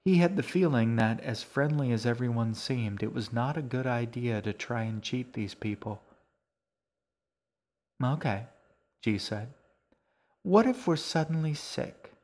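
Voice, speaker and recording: A man narrating his own novel in a podcast, reading in a measured, unhurried way. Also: medium pitch, a little mellow. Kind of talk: scripted narration.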